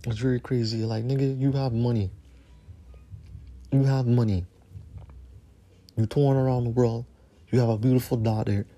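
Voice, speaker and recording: Man, podcast host, angry solo rant, swears a lot, repeats himself, mellow dark tone. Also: mid-range voice, fairly even intonation, moderate pace, pauses often. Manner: angry, profane, repeats phrases for emphasis.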